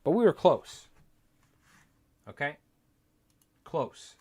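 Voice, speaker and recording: A man from New York with a New York accent, hosting a casual livestream and rambling through jokes without a pause. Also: fairly high pitch, big pitch swings, warm tone, husky, no echo. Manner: rambling, joking, talks nonstop. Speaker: livestream host.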